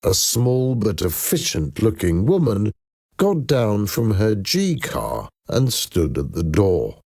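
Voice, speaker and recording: A deep-voiced man with a gravelly edge narrates a story slowly and dramatically. His pitch moves a lot, and the sound is dry and close. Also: a little mellow, no echo. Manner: slow and dramatic.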